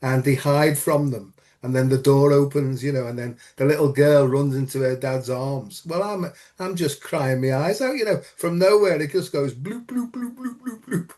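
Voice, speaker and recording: A man's voice: medium pitch, steady tone, moderate pace, few pauses, a little mellow. A man hosting a casual chat show, talking earnestly and rambling with lots of "you know". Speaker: host.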